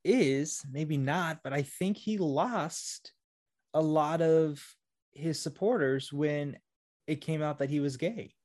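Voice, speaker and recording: A man co-hosting a podcast, talking over a film in a relaxed, thinking-aloud way. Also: on the high side, slow, no room sound, studio quality. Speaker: podcast co-host. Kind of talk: casual movie discussion.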